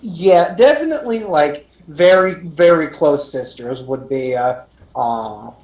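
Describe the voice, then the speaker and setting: A woman's voice: low-pitched, expressive, slow, a little mellow, roomy sound, low-quality recording. A woman player at a tabletop role-playing game, musing aloud and trailing off. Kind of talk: casual tabletop game chat.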